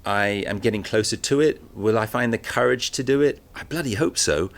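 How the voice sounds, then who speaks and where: A man's voice: fairly low pitch, brisk. A man as an interview guest, talking candidly and animatedly, with many fillers and restarts, recorded live in a shop. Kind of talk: casual interview talk.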